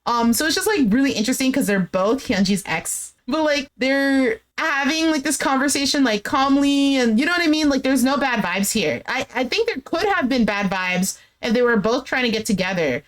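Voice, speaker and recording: A woman's voice: high-pitched, expressive, moderate pace, hardly any pauses. A young adult woman giving a casual, chatty recap, retelling scenes with lots of "like" and fillers. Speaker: recap vlogger.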